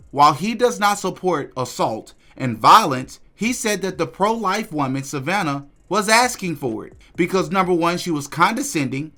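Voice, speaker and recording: Podcast host, man, bright and forceful, emphatic opinion commentary. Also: fairly high pitch. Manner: indignant, emphatic.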